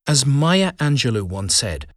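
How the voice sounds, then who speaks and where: Man giving an animated, emphatic speaking lesson. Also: medium pitch, dry recording, studio quality. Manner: deliberate, emphatic delivery with stressed keywords. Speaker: public speaking coach. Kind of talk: scripted instructional narration.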